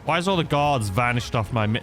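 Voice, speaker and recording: A man's voice: medium pitch, lively intonation, fairly quick, a bit bright, soft background music. A man giving rambling, self-mocking gameplay commentary that tips into frustration. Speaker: gaming YouTuber.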